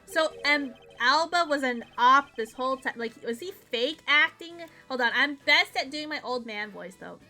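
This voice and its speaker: Young woman streamer, excitable and loud, bright voice over game music. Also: high voice, normal speed, few pauses. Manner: excitable, laughs, loud outbursts. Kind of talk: live game playthrough commentary.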